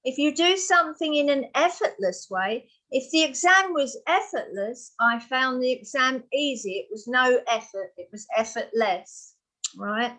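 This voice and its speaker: A woman's voice: sits high, animated, unhurried, bright, forceful tone. A woman tutoring for an English exam, patiently explaining word meanings to a student. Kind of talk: one-on-one vocabulary lesson.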